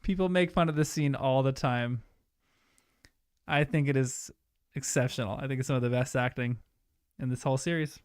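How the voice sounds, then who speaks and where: A man's voice: medium pitch, steady tone, moderate pace, clean tone, no room sound, studio quality. A young man chatting casually and emotionally as he reacts to a movie with his viewers. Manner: emotional, chatty, trails off into soft asides. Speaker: streamer watching a movie with chat. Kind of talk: casual live commentary.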